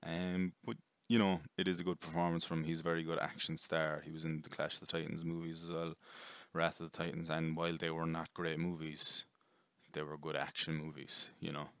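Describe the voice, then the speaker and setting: A man's voice: a bass voice, flat delivery, a little fast, a bit bright, smooth, dry recording. A young man rambling casually through a jokey film review, swearing and correcting himself often.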